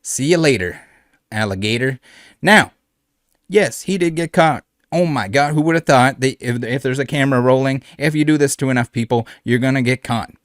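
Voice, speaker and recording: A man's voice: medium pitch, moderate pace, no echo, studio quality. A man hosting a reaction commentary who speaks in a blunt, indignant way and swears often. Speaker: channel host.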